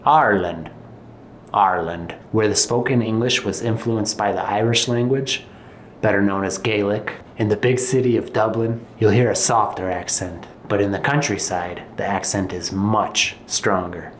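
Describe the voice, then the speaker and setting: Low-voiced man teaching in a roomy space. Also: fairly even intonation, normal speed, slight background noise. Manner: playful, jokey asides. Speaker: English teacher. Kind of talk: casual explanatory video lesson. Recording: roomy echo.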